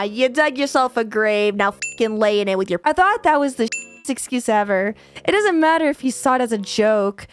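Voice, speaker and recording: A woman hosting a reaction video, chatting casually with frequent "like" fillers and quick exclamations. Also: a little high, lively intonation, clean tone. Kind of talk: casual commentary reading and reacting to online posts.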